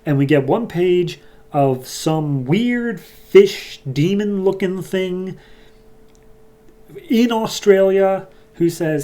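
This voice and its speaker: A man's voice: sits high, expressive, slow pace, a little mellow. A man hosting a casual comic book review, rambling along with frequent fillers and a light, jokey tone. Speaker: podcast host.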